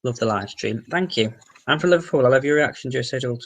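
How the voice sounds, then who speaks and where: A Merseyside accent marks this Wirral man, who hosts a casual livestream Q&A in a mid-range voice. He speaks fast and animatedly, reading viewer comments aloud, responding to them and swearing every so often.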